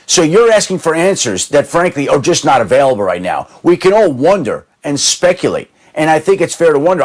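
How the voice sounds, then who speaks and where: A man talking as a sports analyst, weighing possibilities in a measured way with a few restarts. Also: fairly high pitch. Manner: measured, thinking aloud with restarts. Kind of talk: studio sports talk.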